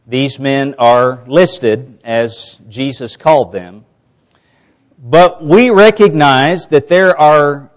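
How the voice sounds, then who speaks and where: A man from the US Gulf Coast delivers a sermon at an unhurried, deliberate pace, teaching step by step and lifting his voice for emphasis. His pitch sits in an ordinary middle range. The recording sounds somewhat dull and lo-fi. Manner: slow, measured teaching with rising emphasis. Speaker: preacher.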